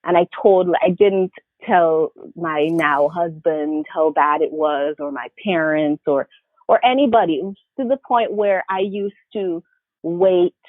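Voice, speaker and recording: A woman's voice: lowish voice, a little slow, no echo. Woman with a faint Vincentian accent on a tinny line. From Saint Vincent and the Grenadines. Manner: reflective, animated storyteller, mimics others' voices. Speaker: interview guest, journalist. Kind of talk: casual interview conversation. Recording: tinny phone-like call audio, dry.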